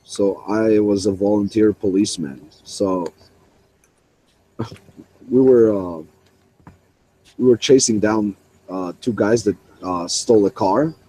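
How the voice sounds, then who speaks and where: A man's voice: on the low side, slow pace, long pauses, dark tone, a little hiss or hum, low-quality recording. Swearing young man telling a story. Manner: profane, rambling, laughing. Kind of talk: casual voice chat storytelling.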